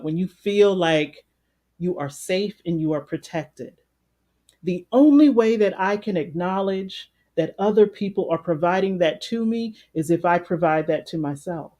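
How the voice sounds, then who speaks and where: Woman, life coach, live-streamed guided meditation, big loud voice, mid-pitched, repeats phrases for emphasis. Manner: conversational, greets live viewers by name between affirmations.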